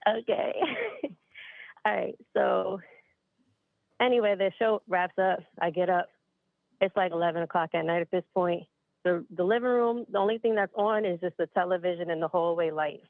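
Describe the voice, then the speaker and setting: There's vocal fry in this woman's fairly low voice as she tells a spooky story at normal speed. She's in her late twenties, from upstate New York, chatty and a bit out of breath, calling listeners "you guys" over a dry, tinny phone line.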